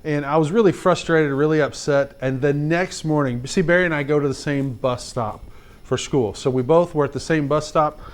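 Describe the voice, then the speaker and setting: Speaking at a moderate pace in a slightly high voice, a man tells a fifth-grade class a personal story. He's animated and chatty, saying "like" a lot and putting questions directly to the kids.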